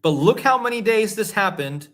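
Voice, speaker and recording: A man with a slightly high voice hosts a casual livestream. He talks with eager emphasis, going back over his points again and again for the viewers in the chat. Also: normal speed. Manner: excited, emphatic, repeats himself. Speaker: host. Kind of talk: livestream commentary.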